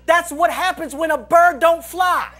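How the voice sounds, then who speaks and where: At a measured pace and in a sharp, very high-pitched voice, a pastor preaches a lighthearted sermon at church. He spins playful stories, breaking into laughter and copying his friends' voices.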